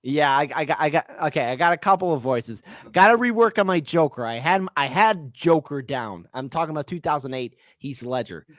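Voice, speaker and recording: A man's voice: on the high side, animated, brisk, hardly any pauses, a bit bright, no room sound, studio quality. Emphatic rambling guy hosting a commentary stream, voice jumping up and down a lot. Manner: rambling, emphatic, repeats himself. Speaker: host. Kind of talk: casual political commentary.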